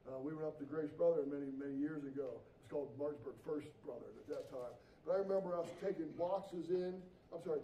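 A middle-aged male pastor preaching a sermon, an animated storyteller who acts out the voices he quotes. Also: fairly high pitch, slight background noise. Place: church sanctuary. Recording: roomy, distant, dull church recording.

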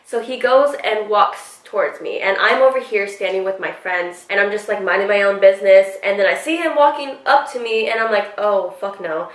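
A young woman vlogger telling a story in casual, slangy chat, swearing freely and animated. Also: mid-range voice, fairly quick, few pauses, recorded from a distance. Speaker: beauty vlogger. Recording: echoey room, mic set back.

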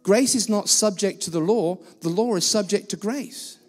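Male guest preacher, high voice, blunt and self-deprecating, church-hall echo. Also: moderate pace, faint music behind. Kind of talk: sermon.

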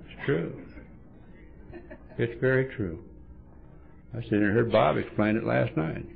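A man's voice: mid-range voice, measured pace, creaky, faint music behind. A man giving a humorous storytelling talk as a recovery meeting speaker, blunt and wry, acting out bits of dialogue. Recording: dull lo-fi tape recording.

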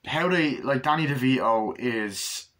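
A man's voice: medium pitch, lively intonation, a little slow, fairly bright tone. A man casually reviewing a film for his vlog, enthusiastic and swearing freely as he acts out scenes. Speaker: movie reviewer.

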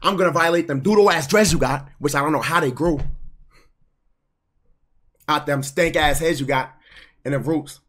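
High, bright-voiced young man ranting. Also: normal speed, long pauses. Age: young adult. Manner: profane, heated, slangy. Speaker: streamer. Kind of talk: casual stream rant.

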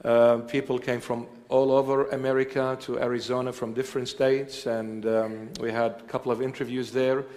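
A man preaching and answering questions before a congregation, halting with many fillers and joking now and then. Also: medium pitch, flat delivery, a little mellow. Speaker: church bishop preaching. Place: church hall with congregation. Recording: long reverb of a large hall.

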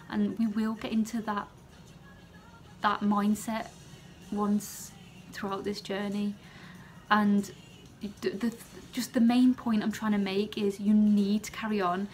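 A young British woman, a student nurse, talking earnestly to the camera in a heartfelt vlog, repeating phrases to encourage others. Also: medium pitch.

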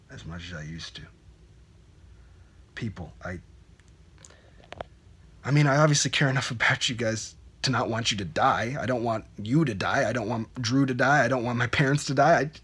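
A young man playing an awkward, self-doubting young man who rambles and stammers, restarting his sentences in a low-budget comedy web series. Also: fast talker, few pauses, fairly bright tone, slight background noise, close to an everyday voice. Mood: rambling confessional. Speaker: main character.

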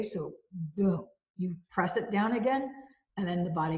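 A woman's voice: medium pitch, normal speed, a little mellow, roomy sound. A woman reviewing a self-help book in a casual way. She repeats key phrases and walks through everyday examples.

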